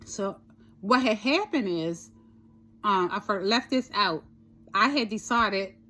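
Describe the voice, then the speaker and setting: A woman's voice: mid-range voice, fairly bright tone. A woman vlogger casually telling a personal story, chatty, swearing a little and asking "right?" often.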